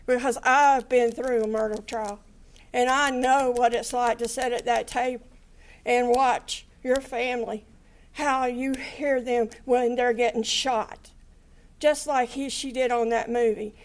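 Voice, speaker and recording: An older woman giving an angry, impassioned statement in a courtroom, swearing and with her voice breaking into tears. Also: on the high side. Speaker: victim's family member giving an impact statement.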